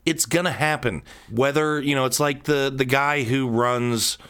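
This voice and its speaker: A man's voice: medium pitch, measured pace, fairly bright tone, clean tone. A man in his thirties hosting a solo podcast, talking candidly and rambling, tripping over repeated words. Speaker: podcast host.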